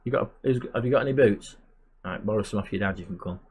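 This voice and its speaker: A man's voice: lowish voice, quick pace, darkish tone, husky. A man voicing a brusque, offhand club recruiter rounding up players. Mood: bossy.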